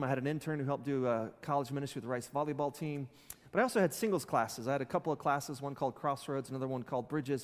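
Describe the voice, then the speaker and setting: A man preaching a sermon as pastor, conversational, with joking asides. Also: a little high. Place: church sanctuary. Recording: long reverb in a church hall.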